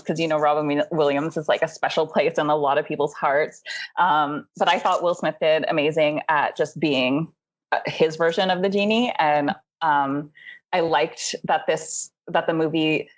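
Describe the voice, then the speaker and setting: A young adult woman co-hosting a podcast in casual chat, rambling and filling her talk with "like.". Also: deep voice. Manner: rambling, says "like" constantly, laughs often. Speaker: podcast co-host.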